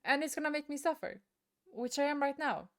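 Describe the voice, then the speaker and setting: A woman's voice: high-pitched, lively intonation, fairly quick, fairly bright tone. A woman streaming a game from her room at home, ranting in exasperation, swearing and repeating herself. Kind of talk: live-streamed gameplay commentary. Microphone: desk mic at the computer.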